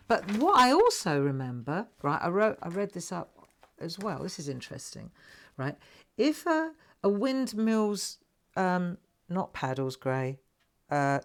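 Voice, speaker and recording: Chatty South London woman in her sixties. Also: sits low. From England. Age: 60s. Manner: chatty and laughing, keeps adding "right?". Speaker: craft show host. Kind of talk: live craft stream chat. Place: home craft room.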